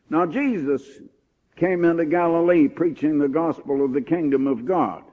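A man preaching a sermon, reading scripture slowly and rising to stress his points. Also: fairly high pitch. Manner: emphatic, rising on key points, slows for scripture. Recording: tinny phone-like old recording.

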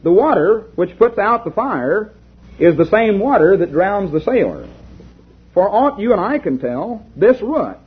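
A man reading aloud as a patient old medieval physician, in measured, earnest speech. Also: sits high, big pitch swings, husky, exaggerated voice. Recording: lo-fi tinny recording.

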